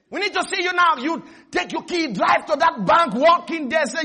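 A man preaching a sermon in an animated way, acting out little scenes and leading the congregation in call and response. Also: very high voice, normal speed, hardly any pauses, a faint crowd.

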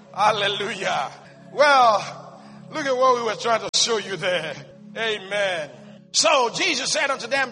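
A man's voice: extremely high pitch, bright, forceful tone. A man preaching a sermon, reading scripture and declaring blessings in an emphatic way. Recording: long hall reverb with faint music.

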